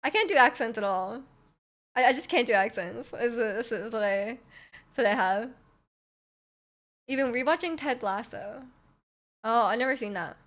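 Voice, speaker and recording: A woman's voice: a little high, lively intonation, normal speed, pauses often. A young woman chatting casually with her livestream viewers, rambling loosely and answering their questions as they come in. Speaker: livestreamer reading chat.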